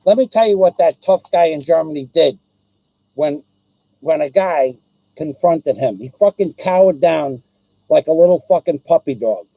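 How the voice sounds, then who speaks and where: High-voiced, ranting man. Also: animated, normal speed, no echo, highs cut off. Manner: angry, rambling, swears constantly, repeats himself. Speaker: live-stream host. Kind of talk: profane ranting live stream.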